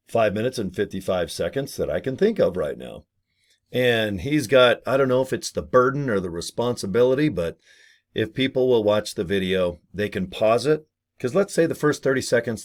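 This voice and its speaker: A man's voice: medium pitch, darkish tone. A man giving rambling, jokey advice in a casual video, acting out little scenes as he goes. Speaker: network marketer. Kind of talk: casual talking-head video.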